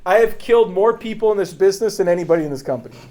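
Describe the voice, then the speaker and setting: High-voiced man preaching fervently. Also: very fast, a little mellow. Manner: emphatic and repetitive, drives points home with rhetorical questions; blunt and confrontational with bursts of laughter. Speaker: agency leader addressing his team.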